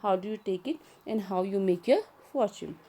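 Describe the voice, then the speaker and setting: A woman's voice: mid-range voice, expressive, normal speed, warm tone. A woman teacher, reading a play to her class and rephrasing each line in simple words.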